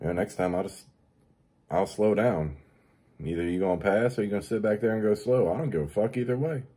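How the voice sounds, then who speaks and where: Speaking fairly quickly in a mellow, slightly rough voice, a man rants on his own show about the annoyances of daily life. The bit is profane and crude, with constant swearing and high-voiced impressions ridiculing other people.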